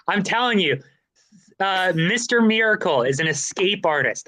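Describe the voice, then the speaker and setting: A man's voice: sits high, lively intonation, unhurried, pushed and bright, a little hiss or hum. A man chatting casually on a livestream, rambling and joking, laughing often.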